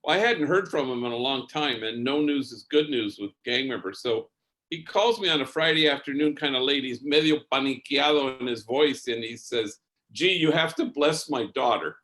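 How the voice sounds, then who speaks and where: A man, a priest, giving spoken testimony as an unhurried storyteller who often restarts his sentences. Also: mid-range voice, lively intonation, a bit bright.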